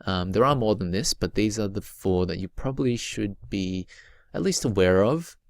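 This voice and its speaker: Low-voiced man teaching poetry rhythm. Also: animated, moderate pace, no echo. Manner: patient, repeats key points, chants rhythms aloud. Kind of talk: recorded slideshow lesson.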